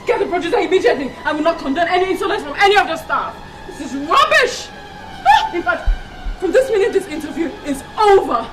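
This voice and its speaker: An actress playing a vain, haughty female celebrity who is quick to rage and insults people. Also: very animated, echoey room, loud music behind the voice, a loud crowd. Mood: indignant. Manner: imperious, shrill and insulting when angry. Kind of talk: Nollywood film acting.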